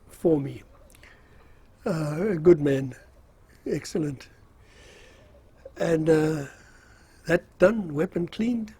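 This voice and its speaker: Gravelly, husky older man reminiscing. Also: a little high, dark tone. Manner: rambling, self-mocking, with frequent fillers and chuckles. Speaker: storyteller recalling army service. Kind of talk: casual spoken memoir.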